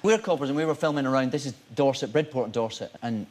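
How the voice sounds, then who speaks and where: A man's voice: mid-range voice, fast. A man telling anecdotes as a guest on a chat show, acting out what people said. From Scotland. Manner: lively storyteller, animated, acts out quotes. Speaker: actor guest.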